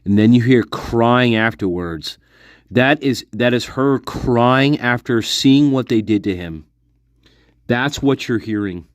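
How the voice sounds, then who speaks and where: In a clean studio recording with no room sound, a man with a mid-range voice talks slowly to his viewers. He's an online commentator in a casual monologue, speculating intensely, repeating himself and swearing a lot.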